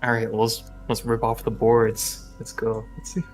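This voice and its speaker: Man, tabletop player, easygoing, casual chat, mid pitch. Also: completely flat delivery, normal speed, faint music behind.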